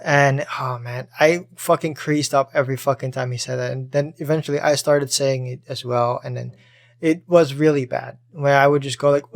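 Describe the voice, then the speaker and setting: A man's voice: mid-range voice, moderate pace, creaky. Chatty, swearing male podcast host. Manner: swears freely, chatty and animated. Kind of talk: casual podcast reading Reddit posts.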